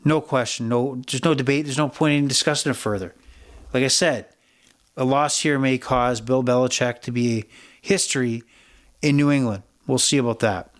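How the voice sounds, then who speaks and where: A middle-aged man hosts his own sports betting podcast in a blunt, opinionated way, swearing freely and wandering off on tangents. His voice sits at an ordinary pitch for a man. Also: steady tone, moderate pace. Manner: blunt, profane, rambling and opinionated. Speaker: podcast host.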